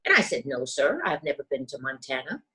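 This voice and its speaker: An older woman from the United States, a guest telling her life story in a measured, careful way, acting out voices of people she quotes. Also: rumbling low, big pitch swings, sharp tone, poor audio. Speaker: interview guest.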